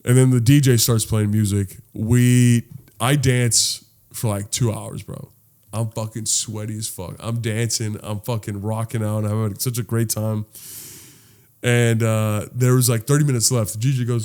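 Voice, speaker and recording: Animated swearing podcast host, man. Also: fairly low pitch, normal speed. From Los Angeles. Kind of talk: casual storytelling chat.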